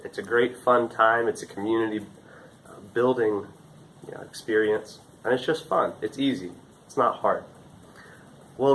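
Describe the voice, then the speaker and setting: A man's voice: fairly low pitch, slight background noise, poor audio. A young man from the Carolinas, casually and animatedly telling a story about his days as a farm intern. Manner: animated, acts out shouts and gestures.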